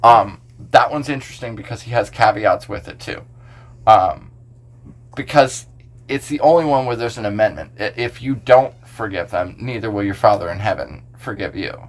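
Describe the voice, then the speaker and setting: A man's voice: lowish voice, normal speed. A man, a pastor, talking casually on a podcast, explaining scripture verse by verse with a loose, filler-heavy manner.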